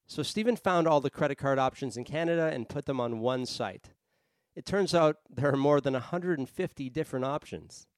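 A man hosting a personal finance podcast, reading a clear scripted introduction. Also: medium pitch, a little fast, dry recording, clean studio sound. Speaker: podcast host. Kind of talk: scripted narration.

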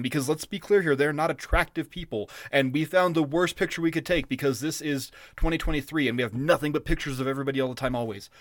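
A man's voice: fairly high pitch, dry recording. Ranting profane man, dry close mic. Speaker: podcast co-host. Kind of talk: casual podcast chat.

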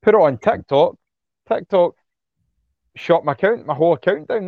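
As a guest in a casual interview, a man talks with impassioned bluntness, cursing freely and circling back over the same points when riled. His pitch is fairly high and his speed normal; the recording is dry with the high frequencies cut off.

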